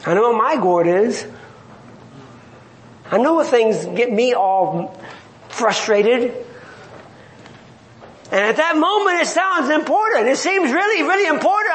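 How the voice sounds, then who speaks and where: A man's voice: extremely high pitch, lively intonation, unhurried, long pauses, fairly bright tone, slight background noise. A male preacher giving an emphatic sermon, full of rhetorical questions and chuckling asides. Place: church or conference hall. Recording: echoey hall with faint ambience.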